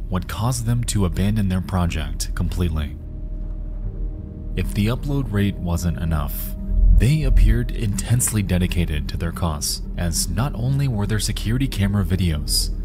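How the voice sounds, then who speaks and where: A man narrates in a deep, low register. His delivery is measured and ominous, like a scripted mystery documentary. Clear background music runs beneath his voice.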